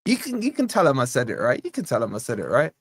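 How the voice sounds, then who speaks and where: A man's voice: mid-range voice, huge pitch swings, fast talker, slightly rough, no echo, clean studio sound. A young man hosting a live football watch-along, bantering with the chat and reading out donation messages in a jokey way. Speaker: fan channel host.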